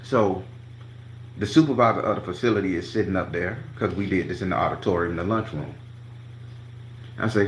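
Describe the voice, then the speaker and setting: A man's voice: sits low, fairly quick, pauses often, echoey room. A man telling a profane story to his channel, acting out each quote with emphasis. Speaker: tarot reader and channel host.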